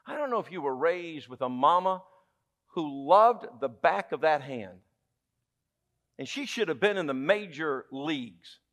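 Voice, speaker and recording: A man with a Southern US accent preaching a sermon as pastor, emphatic and humorous, dropping from loud exclamations to hushed lines and asking the congregation questions. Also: fairly high pitch, lively intonation, measured pace. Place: church sanctuary.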